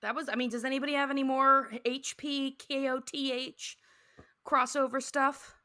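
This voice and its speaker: A woman's voice: sits high, level tone, moderate pace, sharp tone. A woman co-hosting a podcast in casual chat, giggly and wrapping up the show. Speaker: podcast co-host.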